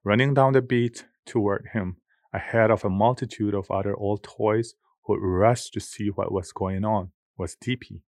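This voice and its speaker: Low-voiced man reading an audiobook. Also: steady tone, normal speed, darkish tone, no echo, clean studio sound. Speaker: audiobook narrator. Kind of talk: scripted narration.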